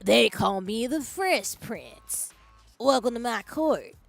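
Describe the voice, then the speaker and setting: Lady putting on a slow gravelly drawl for a cocky young inventor dude, kinda high, bouncy pitch, faint game music behind. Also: lively intonation, no echo, heavily acted. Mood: boastful.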